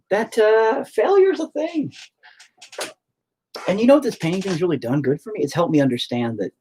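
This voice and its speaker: A husky-voiced man chats while he paints at home, rambling and sarcastic with a lot of swearing. His pitch swings widely as he jokes at his own expense. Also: darkish tone. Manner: rambling, sarcastic, self-mocking and profane. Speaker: painting livestream host. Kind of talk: casual chat while painting.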